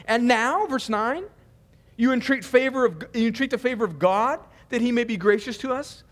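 High-voiced man preaching in a reverberant hall. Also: normal speed, fairly bright tone. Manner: conversational preaching with humor and asides. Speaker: pastor. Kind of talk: sermon.

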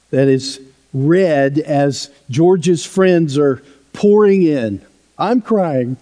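A male pastor preaching a sermon in a church, telling a story in a conversational way that drops softly at times. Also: a little high. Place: church sanctuary. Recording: long hall reverb.

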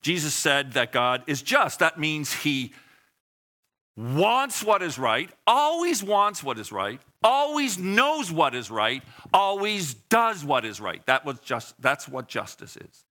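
A man's voice: a little high, sing-song, takes it slowly, sharp tone. A man preaching a sermon in a conversational way, asking the congregation questions and acting out short voices. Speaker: pastor.

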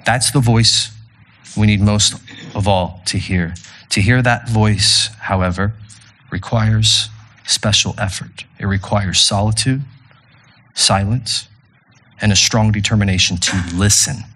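A man's voice: fairly low pitch, fairly even intonation, measured pace, a bit bright, a little hiss or hum. A man preaching as pastor to a congregation in a church room, earnest and repeating his phrases with stumbling restarts as he leads communion and prayer. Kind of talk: sermon leading communion and prayer.

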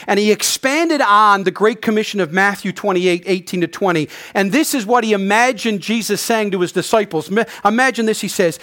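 A man's voice: sits high, a bit bright. A middle-aged man from Canada preaching a sermon with earnest conviction and wry asides. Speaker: pastor.

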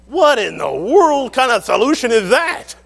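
A preacher acting out a proud, angry army commander who rants loudly and indignantly. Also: male voice, very high voice, normal speed, voice pushed up. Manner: loud, indignant ranting.

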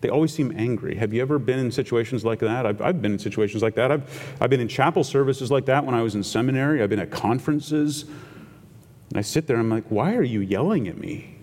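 A man's voice: mid-range voice, fast talker, darkish tone. A male pastor giving a sermon, talking conversationally and retelling scripture in everyday words. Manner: conversational preaching, paraphrasing scripture in plain talk. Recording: long hall reverb.

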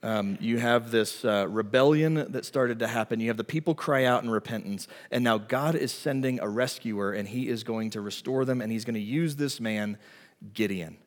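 Animated preacher in a reverberant hall. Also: male voice, mid-range voice, normal speed. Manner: animated, rises and falls between loud emphasis and soft asides. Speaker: pastor. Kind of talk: sermon.

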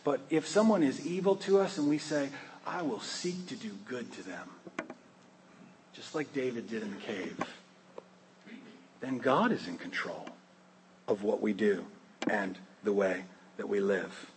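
A man's voice: lowish voice, animated, a little slow, long pauses, background noise. A man preaching a sermon in a conversational, joking way, often asking his listeners questions. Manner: conversational, humorous, asks the congregation questions. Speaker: pastor.

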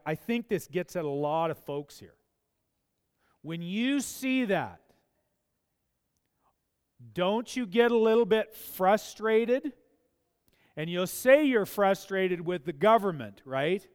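A man's voice: high-pitched, lively intonation, takes it slowly, pauses often, smooth, long reverb tail. A man preaching a sermon as a pastor, speaking with impassioned emphasis in a church. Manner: impassioned, rising to emphatic pleas.

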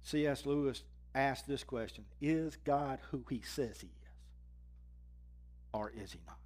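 A man delivers a sermon at a measured pace, reading scripture with mounting intensity and then dropping low and quiet to land his points.

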